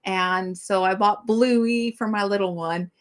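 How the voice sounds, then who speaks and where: A woman's voice: mid-range voice, steady tone, measured pace. A middle-aged woman hosting a casual live-stream chat, rambling and chatty with many fillers as she talks to viewers.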